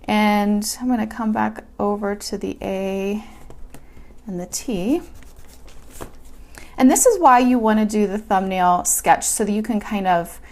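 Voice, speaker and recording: A woman's voice: medium pitch, a little slow, pauses often. A woman teaching a hand-lettering lesson, talking casually and chattily while she sketches and explains each step. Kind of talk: casual hands-on tutorial.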